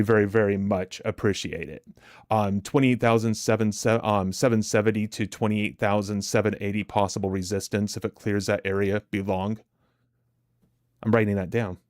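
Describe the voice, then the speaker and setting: A man with a fairly low voice hosts a live trading stream in casual, chatty talk. He is self-deprecating and laughs easily. The sound is dry and close, with no room echo. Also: fairly even intonation, normal speed, a little mellow.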